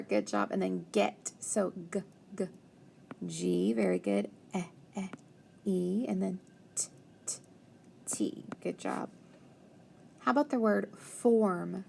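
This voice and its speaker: A woman teaching a phonics lesson to young children, slowly sounding out letters and praising each answer. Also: mid-range voice, vocal fry, darkish tone, a little hiss or hum. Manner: slow, encouraging, sounds out letters.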